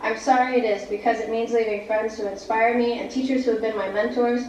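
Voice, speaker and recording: A woman's voice: on the high side, steady tone, brisk, a little mellow, distant mic, highs cut off, slight background noise, lightly acted. An actress playing a young woman graduate who gives a formal, earnest valedictory speech. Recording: echoey TV audio picked up from across the room.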